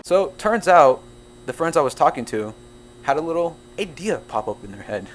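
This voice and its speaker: A young man narrating a storytime video in an excitable, jumpy way, full of quick asides. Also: fairly high pitch, noisy background. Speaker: storytime YouTuber.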